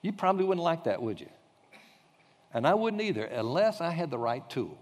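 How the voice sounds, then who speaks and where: A man's voice: fairly high pitch, very animated, darkish tone. Man as a church teacher, casual and rambling, recorded in an echoey hall. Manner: conversational storyteller, halting with fillers and restarts. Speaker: pastor leading an evangelism training class. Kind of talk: teaching talk with a personal anecdote. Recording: long hall reverb.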